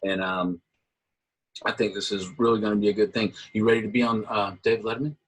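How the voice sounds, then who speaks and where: Guest: middle-aged man, husky voice, lively storyteller who acts out the people he quotes. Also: fairly low pitch, quick pace, low-quality recording. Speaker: interview guest, guitarist. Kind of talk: casual storytelling.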